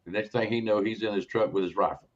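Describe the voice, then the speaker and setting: A male podcast host talks in a rambling, conversational way and often checks in with his listener. His voice is fairly low, and the recording sounds dull and lo-fi. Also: steady tone, fast talker. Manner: rambling, repeats words, checks in with "okay?". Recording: dull lo-fi audio.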